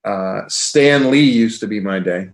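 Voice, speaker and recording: A man's voice: fairly low pitch, a little slow. A man in his forties, a guest in a casual chat, talking in an easygoing way. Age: 40s.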